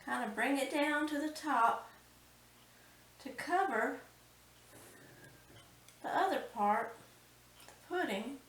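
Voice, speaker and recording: A woman's voice: high voice, lively intonation, slow pace, pauses often, a bit bright, echoey room, distant mic, a little hiss or hum, low-quality recording. A woman hosting a cooking channel, talking through a recipe step by step and exclaiming with delight.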